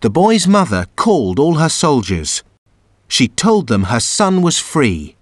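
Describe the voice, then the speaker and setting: Male storybook reader, expressive and sing-song, very lively pitch, dead-dry recording. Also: a little slow, dry recording. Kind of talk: children's story read-aloud narration.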